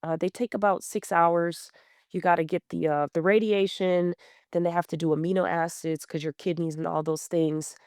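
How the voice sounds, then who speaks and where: Smooth-voiced woman telling her story bluntly. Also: on the low side, fairly even intonation, normal speed, darkish tone, no room sound, clean studio sound. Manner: blunt, plain-spoken, many fillers and restarts. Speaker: guest runner. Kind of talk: candid conversational storytelling.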